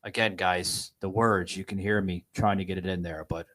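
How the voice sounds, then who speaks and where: A man hosting a political podcast, talking in a halting, upset way with many fillers and restarts. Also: low-pitched, fairly even intonation, fairly bright tone, poor audio. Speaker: podcast host.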